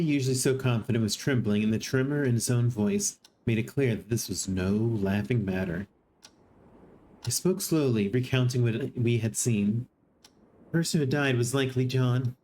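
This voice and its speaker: A streamer reading a text adventure aloud in an even voice, with amused asides now and then. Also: mid-range voice, a little hiss or hum. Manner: reads narration evenly and breaks in with surprised laughing asides.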